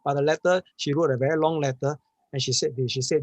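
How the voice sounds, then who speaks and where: A man's voice: fairly high pitch, fairly even intonation, fast, dry recording, muffled recording. A man, a panel speaker giving an earnest, emphatic storytelling answer and often restarting his words.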